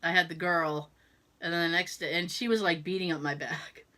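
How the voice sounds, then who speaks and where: A woman's voice: on the low side, fairly even intonation, normal speed, sharp tone. A woman co-hosting a podcast, telling a story in casual chat, swearing freely and laughing as she goes. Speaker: podcast co-host.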